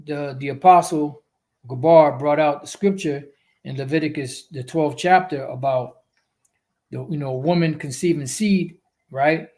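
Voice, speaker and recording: This man's voice is on the high side with a darkish tone. In a livestreamed religious teaching, he preaches scripture in a repetitive, wandering way, dropping profane asides and filling gaps with "you know" again and again.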